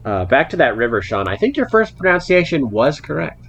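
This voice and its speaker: A man co-hosting a casual podcast chat, joking and animated, full of "like"s. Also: a little high, a little fast, husky, dull audio. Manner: animated, joking, lots of likes. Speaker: podcast co-host.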